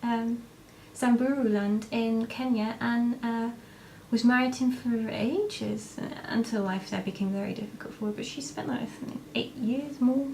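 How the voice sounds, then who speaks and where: A woman's voice: a little high, fairly even intonation, moderate pace, hardly any pauses, a little mellow, a little hiss or hum. A young woman vlogger answering viewer questions in a casual, rambling way, with lots of hesitations and restarts. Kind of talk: casual chat to camera.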